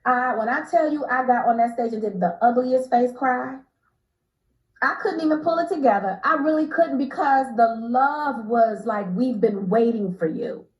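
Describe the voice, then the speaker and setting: American woman telling a lively story. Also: moderate pace, echoey room, low-quality recording. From United States. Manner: emphatic, laughing, swings from low to high pitch. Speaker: interview guest. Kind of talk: animated storytelling.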